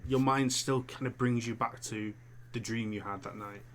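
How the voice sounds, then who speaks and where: Rich: A man runs a tabletop horror game, describing scenes to his players. He pauses and backtracks often, with a faint hiss behind him. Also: mid-range voice, fairly even intonation. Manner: hesitant, many fillers and restarts. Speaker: game master.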